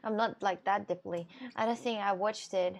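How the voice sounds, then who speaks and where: A woman streaming, chatting casually and reading chat aloud, halting often with fillers and restarts. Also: medium pitch, fairly even intonation.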